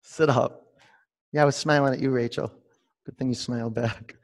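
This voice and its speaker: Gravelly-voiced male yoga teacher. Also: medium pitch, moderate pace. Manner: calm, meditative coaching with direct instructions; calls out students by name. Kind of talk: guided online yoga class.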